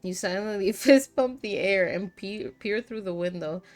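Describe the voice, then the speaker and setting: A woman's voice: medium pitch, normal speed, soft background music. A woman streamer reading visual novel narration aloud in second person. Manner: reads narration in second person, breaks into laughs. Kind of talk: reading game text aloud.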